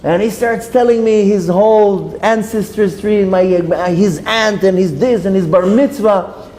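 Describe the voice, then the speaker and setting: A man, a rabbi, giving a storytelling lecture, lively and acting out the dialogue. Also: high-pitched, measured pace. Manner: lively anecdotes, acts out dialogue. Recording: reverberant hall with faint noise.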